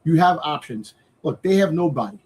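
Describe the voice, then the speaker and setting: A man chats about wrestling on a podcast with a husky, slightly raised voice. He rambles, circling back with fillers and restarted phrases. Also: fairly high pitch, lively intonation, brisk, darkish tone. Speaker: podcast co-host. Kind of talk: casual wrestling chat.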